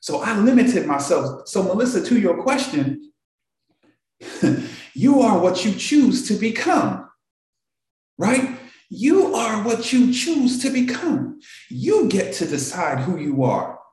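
Hosting a morning show, a man gives an emotional motivational talk to a live audience, repeating phrases for emphasis. His high-sitting voice is very animated, slow, and a little mellow, captured in a very echoey room.

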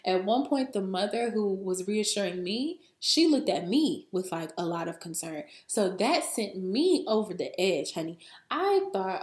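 A woman hosting a podcast, telling a story in a casual, animated way, full of slang, swearing and laughter, then giving spiritual advice. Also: mid-range voice, a little slow. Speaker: podcast host and spiritual coach. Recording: roomy echo.

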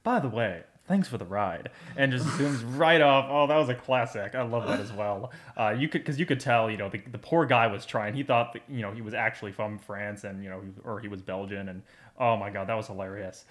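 A man's voice: lowish voice, brisk, fairly bright tone. A man co-hosting a podcast in casual chat, enthusiastic and rambling with lots of fillers. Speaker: podcast co-host.

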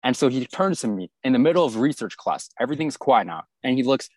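A man's voice: mid-range voice, fast, dry recording. Young man telling a comic story. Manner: animated, exaggerated storytelling with comic asides. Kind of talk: casual storytelling podcast chat.

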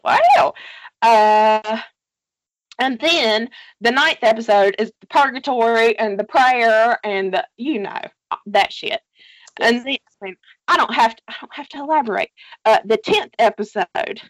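Animated, swearing woman, higher voice. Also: unhurried, no echo. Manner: animated storytelling, swears freely, laughs often. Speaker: podcast co-host. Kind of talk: casual chat recapping a TV series.

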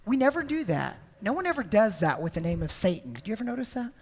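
A woman's voice: mid-range voice, sing-song, fast, husky. A woman preaching a sermon, emphatic and storytelling, often repeating words.

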